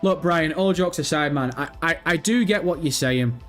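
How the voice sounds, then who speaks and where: A man's voice: a little high, normal speed, a bit bright. A young man hosting a gaming livestream, chatting casually, swearing and teasing viewers in chat. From Britain. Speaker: livestream host. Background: faint background music.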